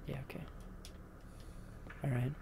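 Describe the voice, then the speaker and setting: With slight background noise behind him, a young let's play host talks his way through a horror game, anxious and muttering as he rambles. His delivery is unhurried and his tone is dark, in the loose style of casual gameplay commentary.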